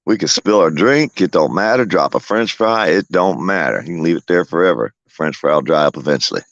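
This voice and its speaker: Man, very low and gravelly, casual rambling porch vlogger, cussing storyteller; dry, slightly dull recording. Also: lively intonation, brisk, fairly bright tone, no room sound. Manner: profane, folksy, laughing storyteller. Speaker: vlogger talking to his viewers and pets. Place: outdoors on a home porch.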